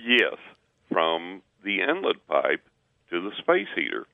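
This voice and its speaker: A man with a very low voice tells a story and acts out the quotes, doubling words and laughing between phrases. The sound is thin and tinny, like a caller on a phone line to a radio show. His voice is dry and close. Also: huge pitch swings, slow, creaky, dry recording. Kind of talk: animated personal storytelling.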